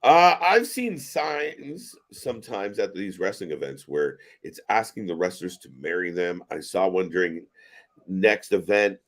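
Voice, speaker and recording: A man's voice: low voice, sing-song, measured pace. A man co-hosting a casual wrestling watch-along, joking, swearing and laughing a lot. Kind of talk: casual live-stream commentary.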